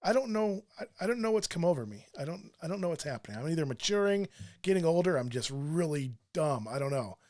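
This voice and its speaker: A man's voice: a little high, very animated, fast talker, a little mellow. A middle-aged man hosting a sports show, chatting casually through a countdown list, rambling with lots of fillers and self-deprecating asides.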